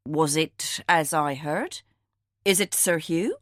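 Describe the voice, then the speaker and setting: Woman reading nervous male photographer, audiobook, hesitant, slow, low voice, dry. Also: lively intonation, dry recording. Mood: uneasy. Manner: hesitant, uneasy.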